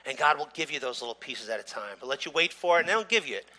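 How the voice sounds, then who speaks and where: Bright-voiced earnest male preacher. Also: medium pitch, expressive. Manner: earnest, halting with repeated restarts, rising to emphatic exhortation. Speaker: guest preacher. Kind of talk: personal testimony sermon.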